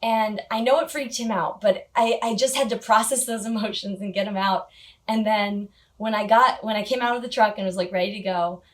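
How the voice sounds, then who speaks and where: A woman's voice: mid-range voice, fairly even intonation, fairly quick. A woman vlogger telling a personal story in a casual, chatty way, with frequent little laughs and filler words. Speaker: motorcycle gear vlogger.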